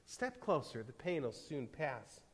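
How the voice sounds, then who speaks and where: A man voicing a gentle male stranger in a parable, speaking low and soothing. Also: expressive, normal speed. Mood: soft, reassuring. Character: gentle male stranger bringing fire, calm. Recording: reverberant church hall.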